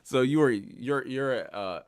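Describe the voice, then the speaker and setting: A man's voice: mid-range voice, slow pace, clean tone, dry recording, studio quality. A man livestreaming and chatting casually with his viewers, talking in slang, rambling and laughing often. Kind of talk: casual stream chat, reading chat aloud.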